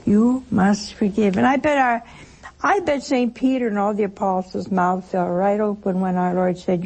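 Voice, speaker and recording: A woman's voice: medium pitch, creaky, a little mellow, slightly rough. A woman giving a conversational sermon to her listeners, telling stories and often laughing as she talks. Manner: chatty storytelling, laughs through her anecdotes. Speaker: religious speaker addressing listeners.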